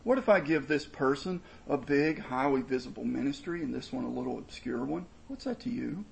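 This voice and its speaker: A man's voice: medium pitch, fairly quick, creaky, low-quality recording. A man preaching a sermon, explaining scripture in an earnest, emphatic way with frequent repetition. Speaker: pastor.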